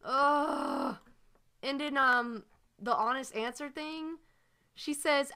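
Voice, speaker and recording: A woman's voice: high voice, takes it slowly, long pauses, bright, forceful tone. A woman ranting in a frustrated, sighing way as she talks through her analysis, with lots of fillers. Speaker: fan analysis video maker. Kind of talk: ranting commentary.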